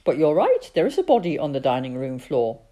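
A woman voicing a brisk, practical mother in a storybook reading, lightly scolding. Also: deep voice, huge pitch swings, warm tone.

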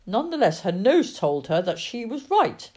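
A woman reading a children's story aloud in an expressive, dramatic way. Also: medium pitch, moderate pace. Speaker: narrator.

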